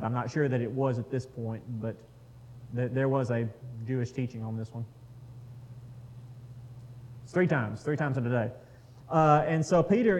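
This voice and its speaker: A man's voice: mid-range voice, a little mellow, rough recording. A man leading a casual Bible study, talking with the group, putting questions to them and reading scripture aloud.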